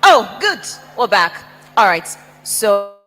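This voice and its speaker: Bright-voiced woman emceeing. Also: mid-range voice, slow, long reverb tail, rough recording. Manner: lively, coaxing, warmly firm with students. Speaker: master of ceremonies. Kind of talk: event hosting.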